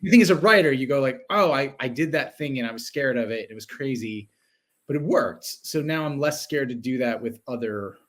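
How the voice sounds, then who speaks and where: A man's voice: medium pitch, expressive, a little fast. A man, a writer, talking in a casual chat with a thoughtful, reflective and somewhat hesitant manner. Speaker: screenwriter and comic writer. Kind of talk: casual conversation.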